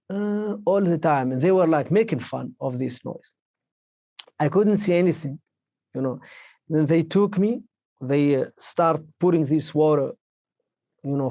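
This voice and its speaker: A man giving a personal testimony in halting English, a second language for him, with many restarts and fillers. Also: on the high side, creaky, mellow, no echo. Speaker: interviewee.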